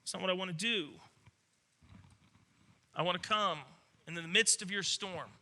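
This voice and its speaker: A preacher voicing a fervent, reassuring savior. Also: male voice, high-pitched, normal speed, sharp tone, heavily acted. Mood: tender. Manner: fervent, insistent. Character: reassuring, powerful adult male savior. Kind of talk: sermon.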